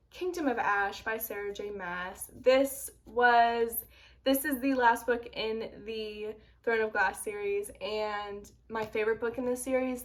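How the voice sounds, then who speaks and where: Animated high-voiced young woman vlogger. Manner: animated, dramatic outbursts of mock outrage. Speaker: book vlogger. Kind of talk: casual reaction vlog.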